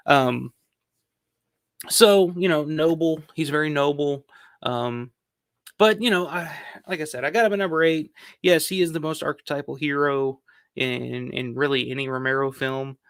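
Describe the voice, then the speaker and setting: A man's voice: fairly high pitch, moderate pace, fairly bright tone, no room sound, clean studio sound. A man hosting a film countdown video, talking casually and rambling with lots of fillers and the odd swear word. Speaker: film review channel host.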